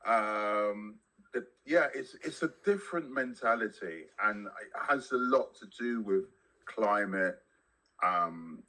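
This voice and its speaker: A man's voice: on the low side, bright, forceful tone, rough recording. A man on a podcast chatting casually and jokily, often stopping and restarting his sentences. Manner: halting, restarts often, jokey. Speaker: podcast co-host.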